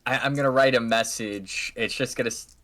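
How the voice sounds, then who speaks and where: Bright-voiced man playing a tabletop game. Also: mid-range voice, steady tone, a little fast. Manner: stammering restarts, upbeat and jokey. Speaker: player. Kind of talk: casual tabletop game play over a call.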